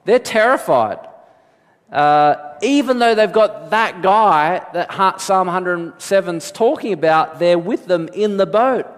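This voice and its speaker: A man preaching a sermon as a pastor, animated, switching into quoted voices with big jumps in pitch. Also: a little slow. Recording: long hall reverb.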